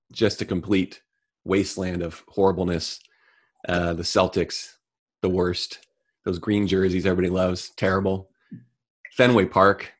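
A middle-aged man co-hosting a casual comedic chat, delivering deadpan mock rants. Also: deep voice. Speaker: podcast co-host.

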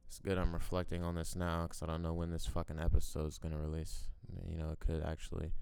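Young man, twenties, very deep voice, gravelly, solo podcast host, unscripted, rambling, profane, smoking while talking. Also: completely flat delivery, fast, mellow. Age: 20s. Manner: rambling, profane, musing aloud.

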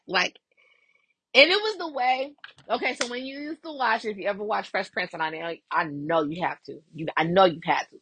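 Young woman gossiping on her podcast w/ AAVE, bright voice kinda breathy, dry close mic. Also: medium pitch, dry recording. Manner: animated, profane, laughing often. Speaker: podcast host. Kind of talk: casual gossip commentary.

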